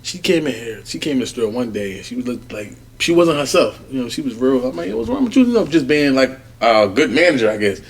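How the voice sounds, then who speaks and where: A man, co-hosting a podcast and telling a long, profane story in casual chat, animated and acting out other people's voices. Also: mid-range voice, a little fast, few pauses, breathy edge. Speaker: podcast co-host.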